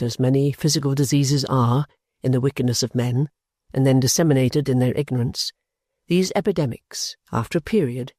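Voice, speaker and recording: A man narrates a classic novel in a steady, even voice. His tone is warm and mellow. He is recorded close on a studio mic, with a dry sound and no room echo. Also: mid-range voice. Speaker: audiobook narrator. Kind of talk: scripted narration.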